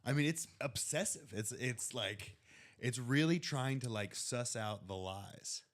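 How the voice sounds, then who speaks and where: American man with a lively, swooping voice. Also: medium pitch. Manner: lively, expressive, quick to chime in. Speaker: podcast co-host. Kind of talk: casual chat.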